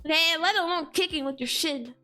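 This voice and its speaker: Very high-pitched slangy woman streamer. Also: fairly quick, sharp tone, soft background music. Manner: slangy and exclaiming, heavy on "like" and "dude". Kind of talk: casual chat stream.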